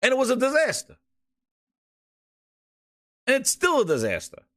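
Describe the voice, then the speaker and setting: Man ranting, high and lively. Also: moderate pace, dry recording, studio quality. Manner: profane, mocking, repeats words when riled. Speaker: gaming podcast host. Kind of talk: ranting casual commentary.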